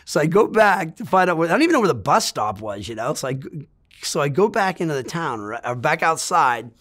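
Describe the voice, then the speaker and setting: Man with a slightly raised pitch, telling a long story in a rambling way, cusses freely, stumbles over his words. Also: sing-song, brisk, fairly bright tone. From United States. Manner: rambling, profane, stammers on restarts. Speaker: interviewee. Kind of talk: casual storytelling.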